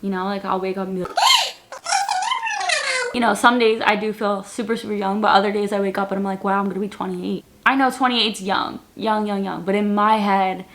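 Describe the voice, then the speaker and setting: Chatty late-20s woman with vocal fry. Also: mid-range voice, steady tone, a little fast, fairly bright tone, a little hiss or hum. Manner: chatty and rambling, repeats words and says "like" a lot; answers viewer questions straight to camera. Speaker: vlogger. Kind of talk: casual Q&A vlog.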